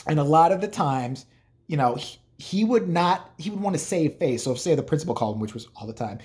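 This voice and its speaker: A man's voice: on the high side, animated, brisk, a little mellow. A man vlogging casually, telling rambling, profane, joking stories about his family. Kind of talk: casual storytelling.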